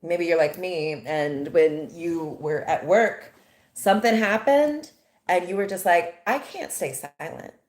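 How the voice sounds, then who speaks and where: A woman's voice: fairly low pitch, takes it slowly, a little mellow, roomy sound. An American woman giving an impassioned, indignant monologue full of rhetorical questions. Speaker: commentator.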